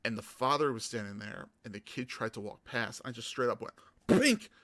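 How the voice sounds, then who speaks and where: A man hosting a gaming podcast, telling stories in a casual, animated way and acting out the people he quotes. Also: mid-range voice, brisk, dry recording. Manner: animated, acts out quoted voices. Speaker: podcast host. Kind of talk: casual storytelling chat.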